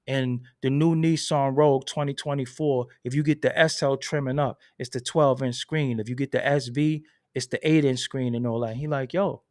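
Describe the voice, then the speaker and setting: A man from Brooklyn with a New York accent, hosting a casual commentary monologue, telling stories in an animated, profane, streetwise way. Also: a little high, a little fast, hardly any pauses, dry recording, studio quality. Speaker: channel host. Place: at home at his computer.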